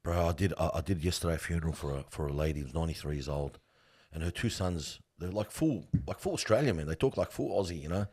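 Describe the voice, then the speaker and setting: This middle-aged man speaks low and deep, with a husky grain to his voice. He tells stories earnestly and with emphasis, in loose everyday slang. His tone is that of a guest sharing hard-won lessons from funeral work. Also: quick pace, darkish tone. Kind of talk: heartfelt conversational storytelling.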